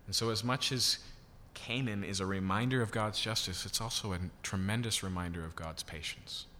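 Bright-voiced male preacher in a hall. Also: lowish voice, normal speed, slight background noise. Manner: teaching, conversational with rhetorical questions. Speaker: pastor. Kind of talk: sermon. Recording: reverberant hall.

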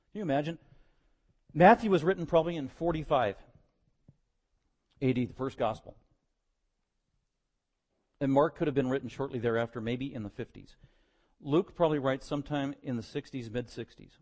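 A man preaching a sermon, moving between quiet verse-by-verse teaching and loud, impassioned stretches. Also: mid-range voice.

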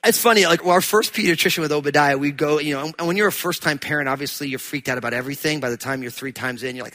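A man from New Jersey preaching a sermon, chatty and storytelling at first, then rising into loud, emphatic preaching. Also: a little high, lively intonation, rapid-fire. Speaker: pastor.

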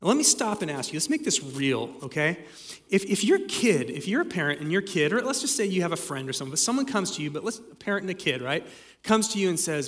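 Brief: male pastor, a bit high-pitched, chatty yet dramatic preaching, long hall echo. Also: very animated, fast talker, a bit bright. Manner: conversational preaching with dramatic readings. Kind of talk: sermon.

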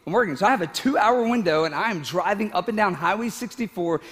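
A man's voice: high-pitched, lively intonation, quick pace, fairly bright tone, long reverb tail. A man preaching a sermon, telling a personal story in a casual, emotional way, with laughing asides and moments where he fights back tears. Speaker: pastor.

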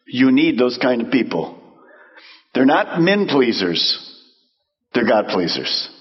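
A man preaching a sermon as pastor, animated and acting out quoted voices. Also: medium pitch, slow pace, highs cut off.

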